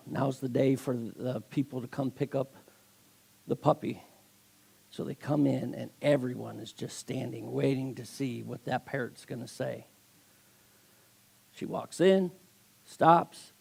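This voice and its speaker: A man's voice: mid-range voice, normal speed, gravelly, pauses often, darkish tone, slightly rough. A man preaching a sermon as a guest speaker, telling stories with acted voices and emphatic delivery.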